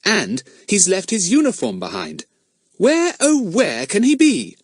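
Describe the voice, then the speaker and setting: A man's voice: high-pitched, huge pitch swings, unhurried, husky, no echo, pitched above the performer's own voice, full character voice. A man doing a cocky clever schoolboy. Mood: confident. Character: clever confident boy, leader of young sleuths.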